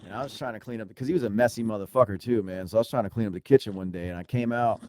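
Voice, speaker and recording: Dude with a lowish voice on a podcast, swearing a lot, calls everyone bro, gets loud retelling arguments. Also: male voice, racing, no room sound. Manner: profane, slangy, says dude and bro a lot; animated when retelling exchanges. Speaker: podcast guest. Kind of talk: casual storytelling chat.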